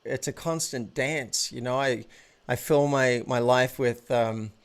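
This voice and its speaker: A man talking as a podcast guest and coach in a relaxed, animated way, often stopping and restarting his words. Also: mid-range voice, unhurried, clean tone. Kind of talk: casual interview chat.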